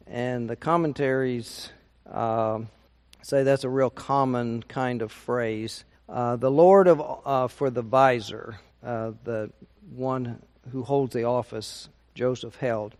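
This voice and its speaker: Slow-talking man teaching Bible study. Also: mid-range voice, steady tone. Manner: unhurried, reads aloud with asides. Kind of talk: reading scripture and commenting. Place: church meeting room.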